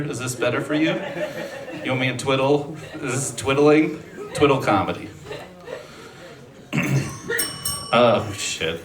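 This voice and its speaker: A man doing a stand-up set, delivering dry, self-deprecating one-liners with frequent throat clearing on a stage mic. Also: fairly low pitch, roomy sound. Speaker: stand-up comedian. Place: comedy venue stage. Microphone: handheld stage mic on a speaker.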